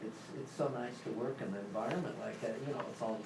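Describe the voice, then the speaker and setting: A man in a church group sharing a personal anecdote in a casual, animated way. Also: medium pitch, fast talker, vocal fry. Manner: animated storyteller, laughing as he tells it. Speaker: group member. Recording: echoey room, far mic, audible noise.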